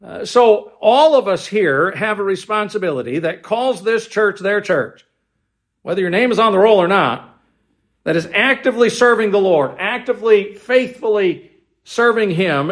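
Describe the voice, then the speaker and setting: A man serving as pastor, preaching a sermon in a measured way, with restarts and asides. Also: sits high.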